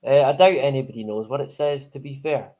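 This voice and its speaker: A man's voice: mid-range voice, a little fast, mellow. A man hosting a live stream in casual chat, rambling, swearing freely and chuckling often.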